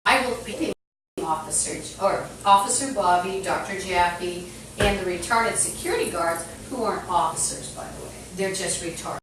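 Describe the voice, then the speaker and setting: A woman's voice: fairly low pitch, moderate pace, noisy background. Agitated, profane woman streaming from a roomy space. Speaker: live streamer. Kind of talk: live-streamed monologue. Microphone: phone streaming app.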